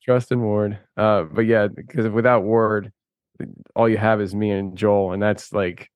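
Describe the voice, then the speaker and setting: A man with a lowish voice talks in a loose, rambling way. He laughs often and restarts his sentences as he chats. The sound is dry and close, with no room echo. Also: flat delivery, unhurried, a little mellow. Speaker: podcast host and filmmaker guest. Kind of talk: casual conversation.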